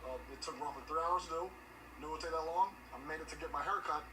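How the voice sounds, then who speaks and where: A man's voice: on the high side, fast, roomy sound, lightly acted. A man putting on a drawling cleaning-show host. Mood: chatty. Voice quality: strange unplaceable put-on accent. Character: made-up male cleaning-channel host with odd accent. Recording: distant, noisy clip played from a video.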